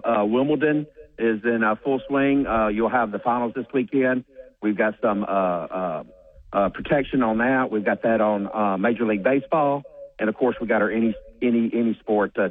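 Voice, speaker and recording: Man, sponsor spot, casual, many fillers, phone-like sound. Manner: casual, filler-heavy pitch. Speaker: sponsor representative. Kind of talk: promotional read on radio.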